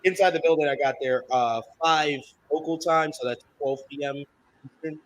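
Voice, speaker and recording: Upbeat male podcast host, a touch higher voice, casual live-stream banter. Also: normal speed. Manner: upbeat, reads live chat aloud.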